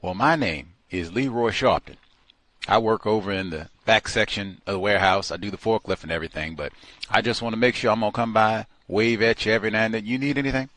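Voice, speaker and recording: Guy doing a chummy forklift worker, rattling on fast and eager, lowish voice. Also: fairly bright tone, no echo, lightly acted. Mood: friendly, eager. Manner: chatty, rapid and ingratiating. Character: eager friendly male warehouse forklift worker.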